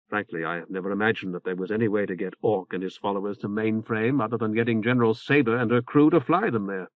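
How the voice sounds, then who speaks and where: A man voicing a calm young male leader who speaks in a measured way. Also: medium pitch, dry recording, close to an everyday voice. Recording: tinny phone-like band.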